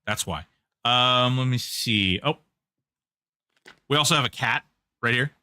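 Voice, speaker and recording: Guy streaming a game, joking w chat, hyping a raffle, bright dry voice. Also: medium pitch, unhurried, clean tone, no echo. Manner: joking, hyped up for giveaways. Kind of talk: live-stream gameplay commentary.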